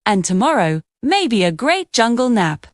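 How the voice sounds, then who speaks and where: Woman as a quippy storybook parrot, high and lively. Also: no echo, clean studio sound. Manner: quick, quippy. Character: chatty wisecracking parrot.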